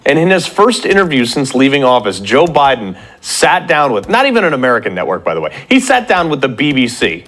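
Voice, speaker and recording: A man's voice: medium pitch, sing-song, brisk, few pauses, fairly bright tone. A man delivering a fiery political opinion monologue, combative and rhetorical, hammering phrases through repetition. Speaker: political commentator.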